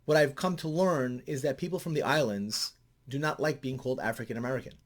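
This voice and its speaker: A middle-aged counselor gives vlog commentary, telling stories animatedly and fairly quickly, his voice climbing high when he gets excited.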